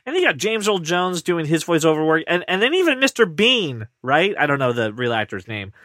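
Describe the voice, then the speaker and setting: Male podcast host, lively swooping pitch, bright forward tone, dry close sound, casual chat. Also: brisk, no room sound. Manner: animated, opinionated, jokey.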